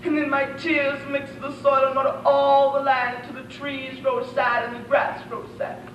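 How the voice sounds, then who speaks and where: A man's voice: extremely high pitch, completely flat delivery, normal speed, fairly bright tone, muffled recording, a little hiss or hum. A young man voicing a melodramatic, self-pitying young princess with a swooning, theatrical delivery, recorded from far off in an echoey room. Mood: mournful.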